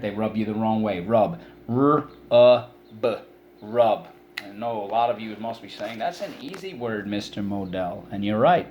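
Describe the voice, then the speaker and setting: A man's voice: fairly low pitch, darkish tone, highs cut off, slight background noise. A middle-aged male teacher giving a spelling and vocabulary lesson to children, patiently explaining each word with many examples.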